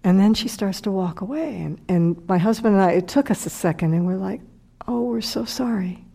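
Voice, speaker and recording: A woman's voice: medium pitch, moderate pace, gravelly, dark tone, husky. A middle-aged woman, a meditation teacher, telling a heartfelt personal story in a dharma talk and sometimes dropping to a whisper.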